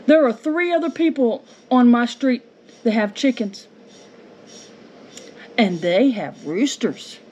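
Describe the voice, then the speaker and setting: A woman's voice: on the high side, expressive, slow pace, pauses often, a little mellow. Angry woman venting at home. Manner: indignant, confrontational, rhetorical questions. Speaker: homestead vlogger. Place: home with yard being mowed. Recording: dull lo-fi audio with faint noise.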